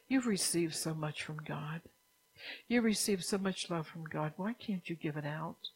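A woman preaching a sermon who keeps asking the listeners if they understand, sometimes dropping into a soft whisper. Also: sits low, unhurried, slightly rough, low-quality recording. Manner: drops at times into a soft whisper.

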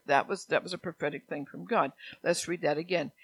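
High-voiced man preaching a sermon. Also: steady tone, fairly quick, gravelly, hardly any pauses, breathy edge. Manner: conversational preaching, repeats lines, frequent "all right?"; grows louder and more emphatic when exhorting. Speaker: pastor.

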